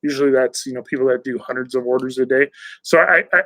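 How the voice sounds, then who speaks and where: A man's voice: medium pitch, fast, pushed and bright, no room sound, poor audio. A man hosting a casual live-stream chat, reading viewer messages aloud and answering them in a rambling way, with many fillers and restarts.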